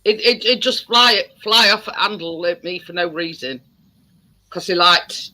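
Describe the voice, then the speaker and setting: A man in casual chat, halting and repeating his words. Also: high voice, bright, forceful tone.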